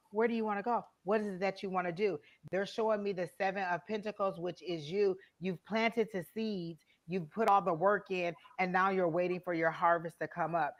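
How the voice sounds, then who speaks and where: A woman's voice: on the low side, muffled recording. A woman tarot reader on a live stream, speaking straight to a viewer and asking many questions as she gives a reading.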